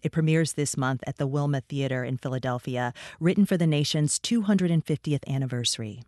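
Measured public radio interviewer, woman. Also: a bass voice, no echo, studio quality. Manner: measured, calm questioning.

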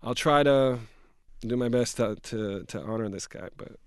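A man, an actor, talking thoughtfully in an interview, with some halting restarts. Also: mid-range voice, clear, resonant tone, no echo, clean studio sound. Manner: thoughtful, halting, warm about his work. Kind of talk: interview conversation.

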